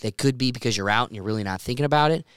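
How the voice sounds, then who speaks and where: A man's voice: mid-range voice, rapid-fire, a bit bright, clear, resonant tone, no room sound, clean studio sound. A man hosting a podcast, chatting casually and jokily while tasting beer, rambling a little as he drinks. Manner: rambling, jokey, tipsy. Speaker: podcast host.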